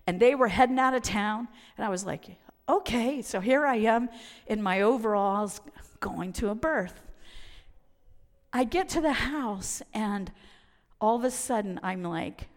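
A woman with a slightly gravelly voice tells a funny personal story about faith, mocking herself and acting out the other people's lines. Her voice rings in a long hall reverb. She moves briskly from laughter to hushed wonder. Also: mid-range voice. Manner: lively, self-mocking, acts out voices.

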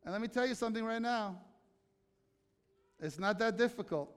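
A man's voice: high-pitched, moderate pace, clean tone. A man preaching a sermon as pastor, telling stories conversationally and putting questions to the congregation. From United States. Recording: long hall reverb.

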